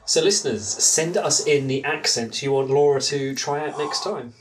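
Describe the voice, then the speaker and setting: A man's voice: medium pitch, normal speed. A man co-hosting a podcast in casual, jokey chat, teasing his co-hosts. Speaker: podcast co-host. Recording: loud crowd noise behind. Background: crowd.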